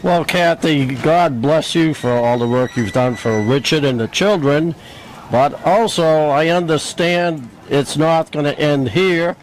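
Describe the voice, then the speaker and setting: A man interviewing at an event, speaking in an appreciative, warm way. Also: a little high, measured pace, slight background noise, low-quality recording.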